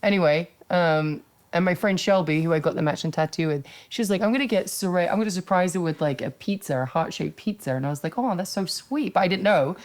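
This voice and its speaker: A woman in her thirties hosting a podcast, telling wild stories in casual, profane chat and acting out shouted quotes. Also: fairly low pitch, fast, few pauses. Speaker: podcast host.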